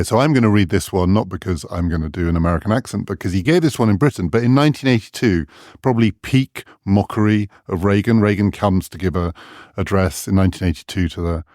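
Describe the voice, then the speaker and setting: A man's voice: low voice, quick pace, darkish tone, no room sound, studio quality. A man co-hosting a podcast, talking in a thoughtful, reflective way. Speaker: podcast co-host. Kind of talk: conversational discussion.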